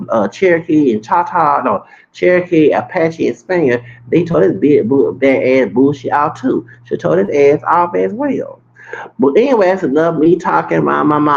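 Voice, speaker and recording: A man's voice: a little high, creaky, highs cut off. A man in his late forties ranting to his viewers in a heated, rambling monologue, swearing and restarting his sentences. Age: 40s. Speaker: vlogger.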